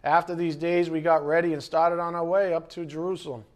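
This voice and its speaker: A male pastor delivering a sermon with a slightly high-pitched voice. He moves between animated, emphatic preaching and relaxed, conversational asides to his listeners. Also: brisk. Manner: animated preaching, acting out scripture quotes and asides; conversational, with chuckles and direct questions to the congregation.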